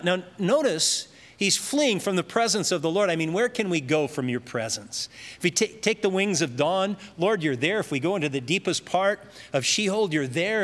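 A man's voice: a little high, a bit bright. Preaching man in an echoing hall. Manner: storytelling preacher, acts out voices in anecdotes. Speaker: pastor. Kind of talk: sermon. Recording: long hall reverb.

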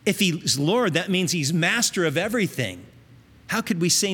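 A man's voice: high-pitched, very animated, moderate pace, a bit bright, big-room sound. A man preaching a sermon, teaching in an earnest, conversational way with emphatic rises.

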